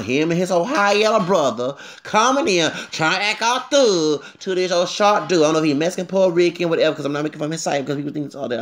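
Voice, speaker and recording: A man's voice: on the high side, fairly bright tone. A man delivering a rambling, opinionated rant, often asking "okay?" and "you know what I'm saying?". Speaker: commentator. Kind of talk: casual rant.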